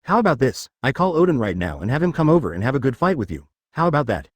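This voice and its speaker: A man's voice: mid-range voice, sing-song, fast talker, dry recording, clean studio sound. A man voicing a hot-tempered young male pirate who curses and talks cocky, in a fan fiction reading. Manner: cocky and cursing.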